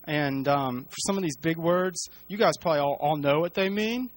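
A man leading a casual Bible teaching. He talks in a halting way, with many fillers and restarts. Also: fairly high pitch, dry recording.

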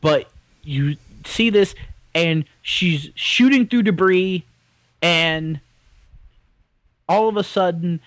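A man co-hosting a casual podcast, talking in an animated, rambling and opinionated way. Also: high-pitched, slow, long pauses, no room sound, low-quality recording. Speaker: podcast co-host. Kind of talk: casual chat.

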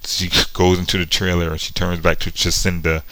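A man's voice: sits low, level tone, a little fast, pushed and bright, poor audio. A man casually retelling a comic book story, sarcastic and often breaking into laughter. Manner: sarcastic, laughing between lines.

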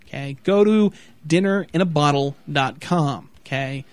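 Incredulous high-voiced man ranting profanely. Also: unhurried, dry recording. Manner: incredulous, repeats "okay?" and reads the list out in mock announcer tones. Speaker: vlogger reacting to a product website. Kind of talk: profane comedic rant.

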